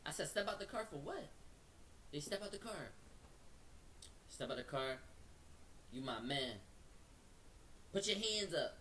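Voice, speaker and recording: A man tells his story in a bright, forceful voice, full of slang and acted-out quotes. He sits back from the mic, and a faint hiss runs under him. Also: a little high, measured pace, pauses often, distant mic. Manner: slangy, acts out quotes, speeds up when excited. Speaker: storyteller recounting an incident. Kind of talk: animated casual storytelling.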